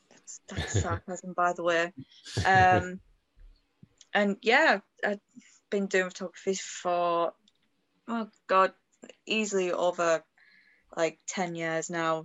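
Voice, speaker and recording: A woman from North East England speaks casually as a podcast guest, with dry, self-mocking humor. Her voice sits a little low and sounds close and dry, with no room around it. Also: fairly bright tone, dry recording. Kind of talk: casual chat.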